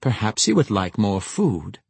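Casting: man doing a snooty storybook lady, sweet on the surface and cold underneath, husky, dry. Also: on the low side, animated, normal speed, no echo. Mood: condescending. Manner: cold, condescending. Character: haughty noblewoman, falsely sweet.

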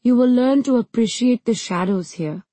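A woman voicing a cold, mocking male ruler and mentor in an audiobook, speaking in a measured, condescending way. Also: fairly high pitch, warm tone, no room sound, pitched above the performer's own voice, natural voice. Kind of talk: audiobook character reading.

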